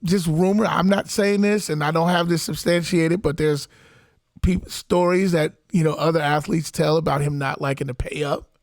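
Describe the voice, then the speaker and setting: A man with a high voice co-hosts a sports chat, walking through stories and rumors one by one. He sounds close and dry, with no room around him. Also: steady tone, moderate pace, no room sound. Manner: storytelling, lays out points for and against, mimics voices. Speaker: podcast co-host. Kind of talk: casual sports banter.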